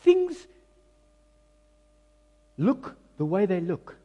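A South African pastor preaching a sermon with an Afrikaans-mixed accent. He talks to the congregation conversationally, pokes fun at himself, and swings between loud, emphatic lines and hushed ones. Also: high voice, sing-song, drawn-out words. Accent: South African, mixing in Afrikaans. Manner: self-mocking, conversational asides to the congregation.

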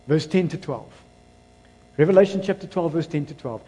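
A South African man preaching a sermon, swinging between loud exclamations and low, quiet asides, and dropping into Afrikaans phrases. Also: lively intonation, normal speed, poor audio. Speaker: pastor.

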